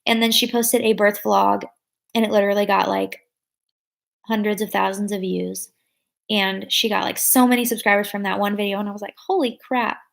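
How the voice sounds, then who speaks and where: A young woman in her twenties livestreams, chatting casually with viewers, using lots of fillers and reading their comments aloud. Her mid-range voice is creaky and fairly even in intonation, delivered briskly.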